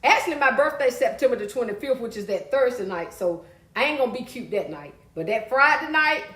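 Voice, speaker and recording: High-voiced, animated woman live-streaming. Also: brisk, reverberant. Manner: chatty, loud and animated, calls out to viewers. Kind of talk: casual live-stream chat reading viewer comments.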